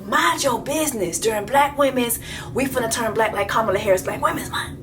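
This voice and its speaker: Speaking quickly in a slightly high voice with music playing behind her, a woman offers unscripted reactions on her video. She's blunt and foul-mouthed, hammering home her points by saying them again.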